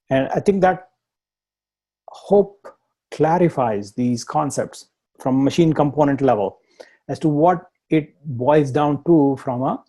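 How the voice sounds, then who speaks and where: This instructor, a man with an Indian accent and a warm, mid-range voice, leads a live online tech lesson. He walks through things step by step, goes over points more than once, and laughs at himself along the way.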